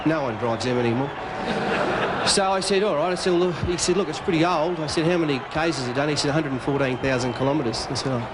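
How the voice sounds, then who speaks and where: A man with an Australian accent telling a comic story at a club dinner, spinning a yarn with quick punchlines and doing the other man's lines. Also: a little high, a loud crowd, very noisy. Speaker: after-dinner speaker. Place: club function room.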